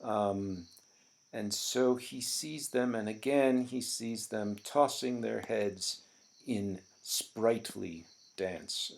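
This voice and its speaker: A middle-aged man gives a classroom poetry lecture at an unhurried pace. His fairly low voice has a gravelly edge, and he explains with many ums and restarts. Faint crickets chirp behind him. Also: a little mellow. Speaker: teacher.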